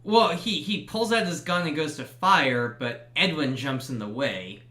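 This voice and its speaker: A man running a horror tabletop game as game master, narrating in a relaxed, hesitant way full of ums and uhs. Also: on the high side, unhurried, reverberant.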